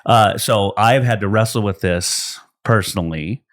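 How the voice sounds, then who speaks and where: Middle-aged pastor with a low voice. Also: male voice, unhurried. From California. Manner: earnest, with frequent restarts while explaining scripture. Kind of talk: casual faith podcast conversation.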